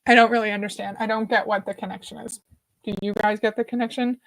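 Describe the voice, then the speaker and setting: A woman's voice: mid-range voice, little pitch movement, quick pace. A woman hosting a live reaction stream, chatting casually, greeting viewers by name and reading their comments aloud. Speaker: livestream host.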